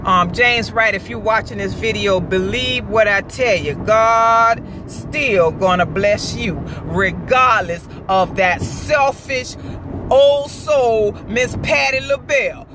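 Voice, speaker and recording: A woman's voice: mid-range voice, slow, background noise. A woman vlogging her strong opinion from her car on the drive home from work, fired up and preachy, hammering her points again and again. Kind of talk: impassioned opinion vlog.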